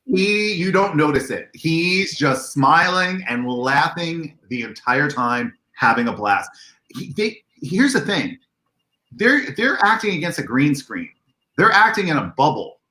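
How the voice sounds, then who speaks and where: A man on a video call, telling convention stories in an animated way and acting out the dialogue in a raised voice. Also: fairly high pitch, unhurried, echoey room. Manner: excitable, acts out dialogue in a raised voice. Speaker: convention organizer guest. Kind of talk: animated storytelling on a livestream.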